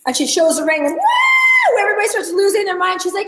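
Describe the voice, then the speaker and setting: A high-voiced woman leads a live online class in a chatty, animated way, calling on viewers in the chat. Her voice carries the echo of a roomy space. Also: fast, shouting. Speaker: hair educator.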